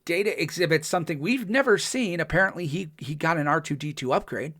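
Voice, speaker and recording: Chatty podcast host recapping an episode. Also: male voice, fairly high pitch, lively intonation, quick pace, fairly bright tone, no room sound, clean studio sound. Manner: rambling, enthusiastic recap with many fillers.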